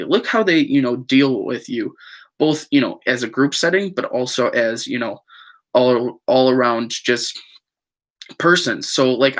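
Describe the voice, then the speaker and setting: A man's voice: mid-range voice, a bit bright. A young man casually recounting a falling-out with friends to his viewers, rambling with lots of fillers and repetition. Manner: rambling, frequent fillers and repeats. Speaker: vlogger. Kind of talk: casual storytelling to camera.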